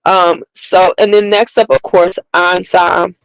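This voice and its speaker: Chatty woman vlogger, animated and talking straight to viewers, recorded dry and close. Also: lowish voice, measured pace, vocal fry, dry recording, rough recording. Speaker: beauty vlogger. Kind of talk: casual livestream chat.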